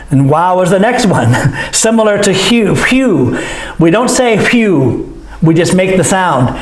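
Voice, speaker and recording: A man teaching a language lesson, slowly acting out each sound he explains. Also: fairly high pitch, expressive, slight background noise. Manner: slow, demonstrative, acts out each sound. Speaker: English teacher. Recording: echoey room.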